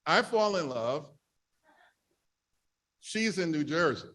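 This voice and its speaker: A middle-aged man tells a funny personal testimony to his church. He talks in a fairly high voice and acts out his own past complaints. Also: sing-song, takes it slowly, fairly bright tone. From New York. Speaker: church member sharing testimony.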